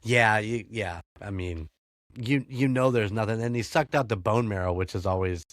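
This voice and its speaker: A man's voice: on the low side, moderate pace, no room sound, studio quality. An American man hosting a podcast, chatting casually, swearing freely and laughing often. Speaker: podcast host. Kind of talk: casual chat.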